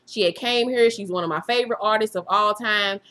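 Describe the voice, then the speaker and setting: A woman in her thirties with a bright, forceful voice, speaking straight to her viewers as a YouTube host. She talks frankly and swears freely, and she laughs through the hard parts of her story. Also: mid-range voice, fairly quick. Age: 30s. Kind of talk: candid personal storytelling to viewers.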